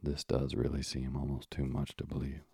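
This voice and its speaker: Very deep, gravelly sleep-story narrator, a man. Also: dry recording. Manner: calm, measured, hushed reading. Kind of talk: slow, soothing sleep-story reading.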